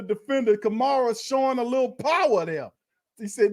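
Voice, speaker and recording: A man hosting a fan watch party, calling plays in a slangy, animated way and talking to his chat. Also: very high-pitched, normal speed. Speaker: fan host doing live play-by-play. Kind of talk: excited watch-party commentary.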